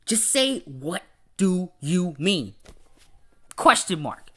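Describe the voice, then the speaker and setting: Bright-voiced animated man ranting casually. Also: high voice, unhurried, pauses often. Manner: animated, stammers and repeats words; rants, laughs often. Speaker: podcast host. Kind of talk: casual livestream chat.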